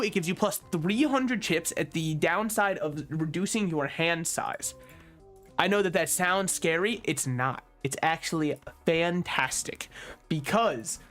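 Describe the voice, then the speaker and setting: Joking gaming host man, slightly high voice. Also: fairly bright tone. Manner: joking, self-deprecating, talks to the game. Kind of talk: casual gameplay commentary.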